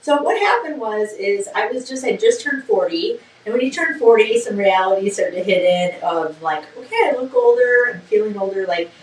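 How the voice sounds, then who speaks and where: A middle-aged woman, a business co-founder, telling a story in a casual interview with lively laughter. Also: mid-range voice, moderate pace, hardly any pauses, recorded from a distance, a little hiss or hum. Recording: roomy sound from off-mic.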